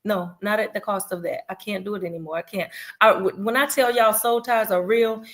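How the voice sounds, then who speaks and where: A woman's voice: mid-range voice, steady tone, fairly quick. A woman in her forties, co-hosting a podcast in casual, candid and emphatic chat. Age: 40s. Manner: candid, emphatic, preachy at times. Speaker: podcast co-host.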